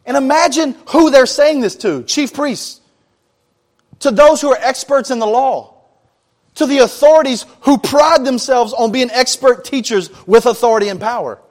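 A man with a notably high voice preaching from the pulpit. He moves between reading scripture and relaxed, chatty retellings with casual slang. The delivery stays conversational rather than formal. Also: moderate pace. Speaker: pastor. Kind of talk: sermon.

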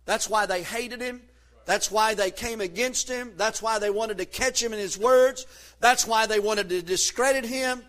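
High-voiced fervent man preaching. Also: moderate pace. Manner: fervent preaching with shouted peaks. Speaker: pastor. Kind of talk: sermon.

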